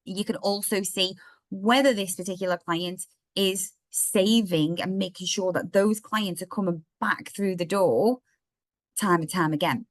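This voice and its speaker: A woman with a slightly croaky voice, chatting through a software demo step by step in a live online workshop. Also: mid-range voice, unhurried, dry recording. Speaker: software trainer.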